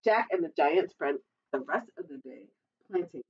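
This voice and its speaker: A woman's voice: fairly low pitch, expressive, normal speed, recorded from a distance, dull audio, slight background noise. A woman librarian reading a picture book aloud at storytime, adding chatty asides to the children.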